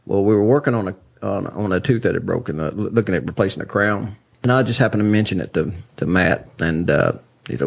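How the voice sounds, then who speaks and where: A man chatting casually, rambling through stories and laughing loudly. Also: lowish voice, creaky, breathy edge. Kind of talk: casual chat.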